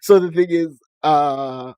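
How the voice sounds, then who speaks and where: Young guy from nigeria doing a fake american-canadian accent, slow easygoing chat, dry close sound. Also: on the high side, clear, resonant tone, no echo, lo-fi sound. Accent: put-on generic American-Canadian. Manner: chatty and self-amused, laughing between remarks. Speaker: live-streaming 3D artist. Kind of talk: casual live-stream chat.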